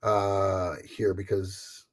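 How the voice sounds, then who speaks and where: A man's voice: sits low, flat delivery, drawn-out words. A man hosting a casual live stream from home, rambling chattily, greeting viewers by name and laughing often. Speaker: livestream host.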